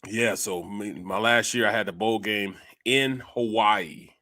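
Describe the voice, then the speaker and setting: A man's voice: lowish voice, measured pace, pushed and bright. A middle-aged man co-hosting a casual sports talk show, laughing often and calling people bro and man. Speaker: co-host.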